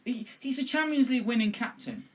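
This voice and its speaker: A man's voice: very high voice, fairly quick, slight background noise. A man hosting a casual football podcast, talking passionately and emphatically with some swearing. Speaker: podcast host.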